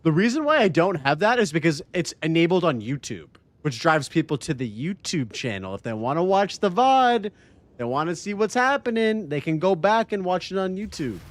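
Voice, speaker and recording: A man's voice: a little high, big pitch swings, normal speed, dry recording. Casual, swearing Canadian streamer man. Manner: casual, profane, chatty with viewers. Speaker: game streamer. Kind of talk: casual livestream chat.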